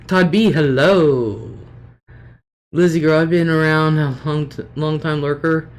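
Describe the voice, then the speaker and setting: A woman's voice: low voice, takes it slowly, long pauses, a little mellow. A middle-aged woman hosting a casual livestream, chatty and homey, greeting viewers by name and laughing often. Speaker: livestream host.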